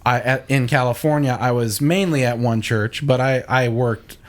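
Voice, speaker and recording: Man, young adult, casual interview guest, lively storytelling, medium-pitched voice. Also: normal speed. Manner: animated, acts out quoted voices with a higher pitch. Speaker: church audio engineer, guest.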